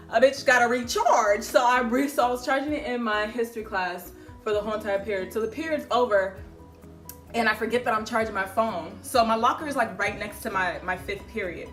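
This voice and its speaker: A young adult woman telling a casual storytime to camera, slangy and swearing freely, loudly acting out the conversations she recounts. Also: mid-range voice, fairly quick, soft background music. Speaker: vlogger.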